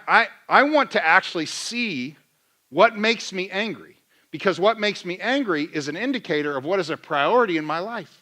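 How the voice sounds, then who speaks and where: A man in middle age preaches to his church in a loose, chatty sermon style. His voice sits a little high and rings bright and forceful. He slips into playful re-enactments of his own griping to make a point. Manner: conversational, self-deprecating, acts out his own rants. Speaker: pastor.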